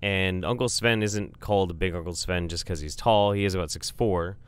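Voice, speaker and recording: A man tells a rambling, profane comic story in a casual, offhand way, stopping for plenty of "um"s and "uh"s. His voice is fairly low, with a smooth, clean tone. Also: normal speed.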